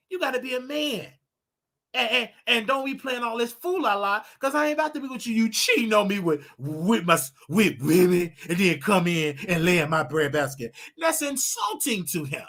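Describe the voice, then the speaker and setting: A man hosting his own show, ranting and preaching to his audience in a casual, animated way with loud outbursts. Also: very high-pitched. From United States. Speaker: show host. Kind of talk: casual livestream rant.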